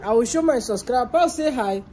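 A woman vlogging on a walk outdoors with her children, gently coaxing and talking to them. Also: fairly high pitch, expressive, fairly quick. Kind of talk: casual family vlog.

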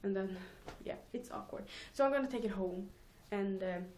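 A woman's voice: mid-range voice, normal speed, a little mellow, slight background noise. A teenage girl rambling casually in a home vlog, giggling and mocking herself between thoughts. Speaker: vlogger.

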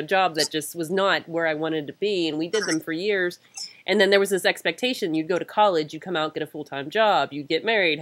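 A woman in her mid-thirties co-hosting a podcast, speaking in a halting, casual way full of "you know.". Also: low-pitched, fairly bright tone. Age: 30s. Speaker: podcast co-host. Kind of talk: casual interview chat.

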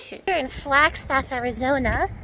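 Bubbly high-voiced young woman vlogger. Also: moderate pace, pushed and bright, slight background noise. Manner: bubbly, exclaims at sights. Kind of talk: casual travel vlog chat. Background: background music.

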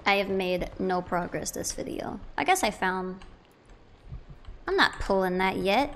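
A young woman narrates her gameplay in a loose, chatty way, greeting boxes and scolding empty cabinets as she goes. Her voice sits at a middle pitch, recorded on a desk mic at home with a faint hiss underneath. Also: expressive, unhurried, fairly bright tone. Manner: chatty, playful, talks to objects in the game. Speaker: let's play gamer. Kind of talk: casual gameplay commentary.

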